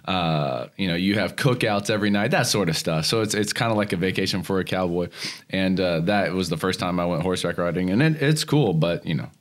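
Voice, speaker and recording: A young man with a very low, deep voice chats in a relaxed interview, full of "you know" fillers and restarts. He grew up near Houston but speaks without a regional twang, and he laughs easily as he talks. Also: brisk. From Texas, near Houston. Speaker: guest. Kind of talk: casual conversational interview.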